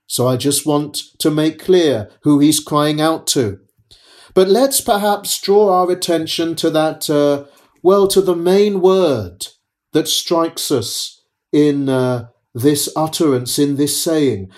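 A pastor delivering a sermon in a slightly higher-than-usual male voice. He speaks very slowly and deliberately, repeating his phrases for emphasis and pausing often between them. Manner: measured, repetitive, emphatic preaching with pauses.

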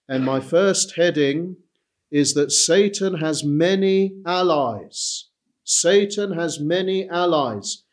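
A man preaching a sermon, emphatic and repeating his key phrases for weight. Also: sits high.

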